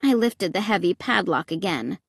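A woman reading a children's horror story aloud with expressive, dramatic narration. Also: on the low side, moderate pace, gravelly, husky, no room sound, studio quality.

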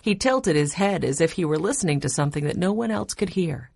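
A woman narrating a children's storybook with a low, husky voice. Her reading is expressive, with lively rises and falls in pitch. The sound is dry and close. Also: a little fast, no echo.

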